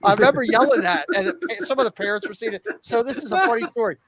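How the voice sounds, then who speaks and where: Podcast co-host, middle-aged man with a high voice, casual and animated, acts out every quote. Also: fast talker, over a noisy crowd. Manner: animated, laughing storyteller who acts out quoted lines. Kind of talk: casual storytelling chat.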